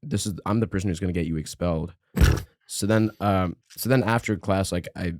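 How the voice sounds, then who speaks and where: A man's voice: low voice, a little fast, darkish tone, no room sound, studio quality. A young man hosting a casual comedy podcast, telling a long rambling story full of fillers and laughs. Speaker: podcast host.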